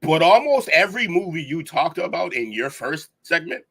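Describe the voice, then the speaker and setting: A man co-hosting a casual podcast who talks in an opinionated, animated way, with laughing asides. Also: on the high side, moderate pace, slightly rough. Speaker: podcast co-host.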